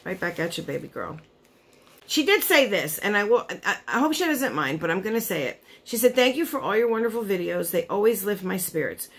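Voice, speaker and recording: A woman's voice: medium pitch, very animated, brisk, hardly any pauses, breathy edge. Gushing, emotional woman vlogger. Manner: gushing, emotional, chatty with lots of "like" and "you know". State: choked up, near tears. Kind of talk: casual chat to camera.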